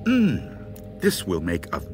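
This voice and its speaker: A man's voice: low-pitched, huge pitch swings, slow, a little mellow, faint music behind, exaggerated voice. A man voicing a self-satisfied woman who is pleased with her soup. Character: brisk, unbothered old woman making soup.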